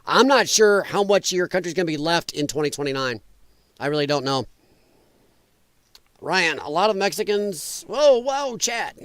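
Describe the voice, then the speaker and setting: A male livestream host with a fairly high voice, recorded close and dry with no room sound. He talks casually and bluntly, answering viewers' comments, animated and quick to laugh. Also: no room sound. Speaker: livestream talk show host. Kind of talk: casual live chat, reading viewer comments.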